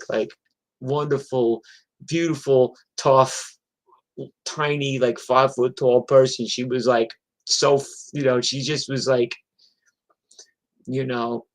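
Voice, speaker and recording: A man's voice: medium pitch, low-quality recording. A man, a touring musician, telling road stories in a casual, profane, rambling way. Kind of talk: casual storytelling on a livestream.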